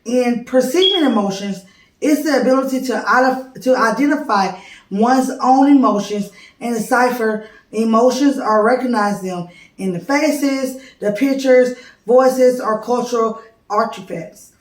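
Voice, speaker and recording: A woman preschool teacher talks through a class presentation in a relaxed, conversational manner. Her voice sits a little high and comes from some distance off the mic, in a room with echo. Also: a little slow. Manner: informal, conversational explaining.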